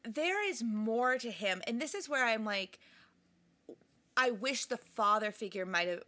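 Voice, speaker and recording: A woman's voice: a little high, lively intonation, measured pace, bright, forceful tone. A woman co-hosting a podcast, chatting casually about a book and its film, laughing often and trailing off mid-sentence. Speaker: podcast co-host.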